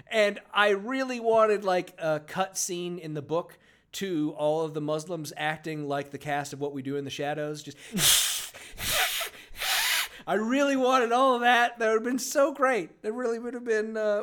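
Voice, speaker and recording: A man's voice: moderate pace, clear, resonant tone. A man co-hosting a book review podcast, chatting casually and sarcastically, reading passages aloud with mock emphasis. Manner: animated, sarcastic, jumps up in pitch for jokes. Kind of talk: casual comedic chat with read-aloud passages.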